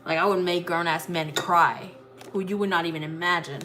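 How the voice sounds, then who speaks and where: A woman's voice: lowish voice, steady tone, a little fast, sharp tone, slight background noise. A woman who reads tarot as a psychic, telling a personal story in a casual, blunt way, swearing freely and using many fillers. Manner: blunt, profane, full of fillers.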